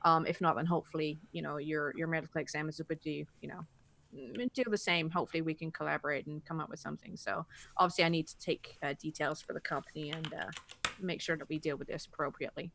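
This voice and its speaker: An evasive corporate representative with a put-on, vaguely American accent, as a woman plays her in a tabletop game. Her voice is low, and she hedges with constant fillers. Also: steady tone, quick pace, vocal fry, a bit bright, slight background noise. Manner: hesitant, filler-laden. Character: female company representative, smooth and evasive.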